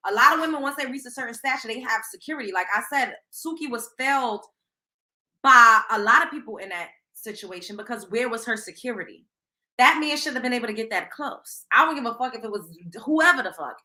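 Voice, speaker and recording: A young adult woman hosting a casual gossip livestream, blunt and animated, swearing freely and acting out quotes as she gives her opinions. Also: fairly high pitch, fairly quick, echoey room. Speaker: host of a celebrity gossip livestream.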